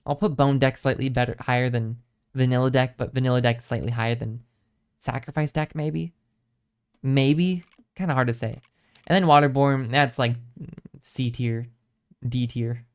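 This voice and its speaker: A male game streamer wrapping up a session with loose, casual commentary. He rambles from thought to thought, hedging and restarting his sentences. His voice sits at an ordinary, middle pitch. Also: fairly even intonation, normal speed, smooth. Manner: rambling, thinks aloud; hesitant, many ums and restarts.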